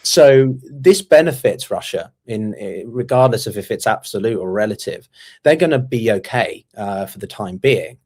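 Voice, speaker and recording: Low-voiced man giving halting analysis. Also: expressive, a little mellow. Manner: measured, with frequent ums and restarts. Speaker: guest analyst. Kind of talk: conversational commentary.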